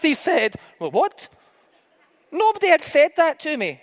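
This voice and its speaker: A man's voice: very high voice, sing-song, normal speed. A middle-aged man preaching a sermon, telling stories conversationally with fillers and rising to emphatic pleas. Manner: conversational storytelling with fillers, swinging to emphatic pleading. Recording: long hall reverb.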